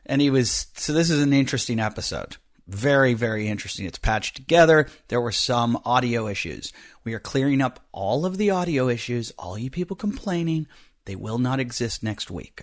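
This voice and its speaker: Stuffy-nosed rambling comedian host. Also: male voice, lowish voice, animated, normal speed. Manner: rambling, joking, swings from loud to muttered asides. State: stuffy nose, a bit snotty. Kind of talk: casual podcast monologue.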